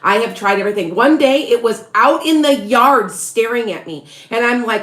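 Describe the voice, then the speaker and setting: A middle-aged woman talks to her livestream viewers in a frustrated, halting way, often breaking off and starting over. Her voice sits in the middle of the usual range for a woman. The room around her gives a noticeable echo. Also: medium pitch, fairly bright tone. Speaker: tarot reader hosting a livestream. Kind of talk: casual livestream chat. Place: home, farm.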